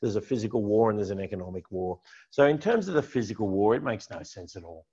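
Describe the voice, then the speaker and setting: A man's voice: on the low side, animated, quick pace, dark tone, breathy edge, lo-fi sound. A man giving a conversational, emphatic client update as a financial adviser, talking over slides. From Australia. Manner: conversational, emphatic, repeats key points. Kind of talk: presentation with slides.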